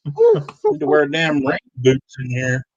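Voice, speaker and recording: A high-voiced man rambles through crude, profane anecdotes, swearing freely and laughing at his own punchlines. The sound is dull and lo-fi, like a home livestream. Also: huge pitch swings, slow. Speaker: co-host. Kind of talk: crude comedic storytelling.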